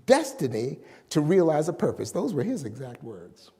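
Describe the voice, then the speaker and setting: A man's voice: fairly high pitch, wildly swooping pitch, moderate pace, mellow, long reverb tail. A middle-aged man preaching a sermon as a minister, emphatic and drawing out his key words.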